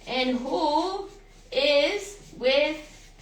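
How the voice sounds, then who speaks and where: Woman, high voice, motivational coach, energetic, repeats questions, echoey room. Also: extremely slow, over music. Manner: energetic, repeats questions to the audience, says y'all. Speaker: life and business coach. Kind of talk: motivational livestream talk.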